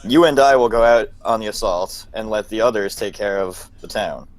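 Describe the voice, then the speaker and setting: A man playing a cold, power-hungry schemer, answering in short, flat lines. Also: fairly low pitch, normal speed, lightly acted, poor audio. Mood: calculating. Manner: short, flat, deadpan replies.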